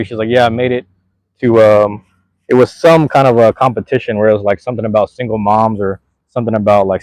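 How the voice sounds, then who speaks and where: A man with a low voice chats his way through a comedy show recap in a loose, slangy style, with plenty of fillers and restarts. The sound is dry and close, with almost no room around it. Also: a little mellow, dry recording, rough recording. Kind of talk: casual rambling recap. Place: outdoors near a playground.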